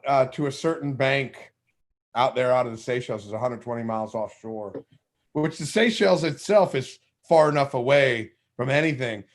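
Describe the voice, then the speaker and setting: A male host with a gravelly, creaky voice at a middle pitch. He chimes in eagerly, reads out viewer comments and tells his own stories in a relaxed live-show manner. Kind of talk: casual live interview.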